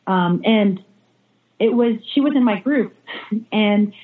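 A woman's voice: medium pitch, slow. A woman who is a religious sister, a guest in a remote interview, telling a story with many fillers and restarts. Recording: echoey, phone-like remote call audio.

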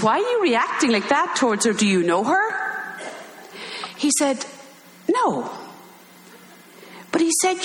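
An older Irish woman, a religious sister, telling an animated story and acting out the voices in it. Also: on the high side, a little hiss or hum. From Ireland. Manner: animated, acts out quoted voices, laughs while telling. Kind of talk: storytelling talk. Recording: echoey hall with long reverb.

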